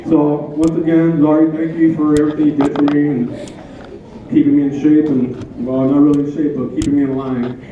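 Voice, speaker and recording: Brisk and flat in delivery, a man with a fairly high voice speaks over background noise. Having lost his wife, he delivers a meandering, sincere tribute packed with stories and repeated lines. The recording is tinny, far off, and echoing around a hall.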